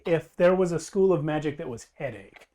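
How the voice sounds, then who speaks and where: A man narrating as game master of a tabletop game, relaxed and laughing often. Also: fairly high pitch, normal speed.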